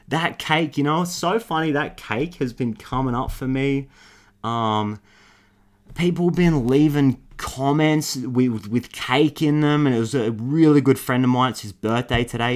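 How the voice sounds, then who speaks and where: A man hosting a tarot card reading video, talking straight to his viewers in an enthusiastic, affectionate, rambling way. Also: mid-range voice. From Australia. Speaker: tarot reader.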